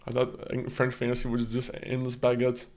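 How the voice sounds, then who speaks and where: A man's voice: medium pitch, completely flat delivery, fairly quick, darkish tone. A young man chatting casually with viewers on a live stream, rambling and often stammering and repeating words.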